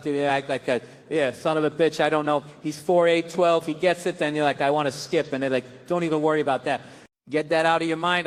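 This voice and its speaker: A man doing stand-up in a raised, high-pitched register, ranting with sardonic exasperation. He switches into quick acted-out voices of the people in his stories between his grumbling complaints. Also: a bit bright. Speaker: stand-up comedian. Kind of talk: stand-up comedy set.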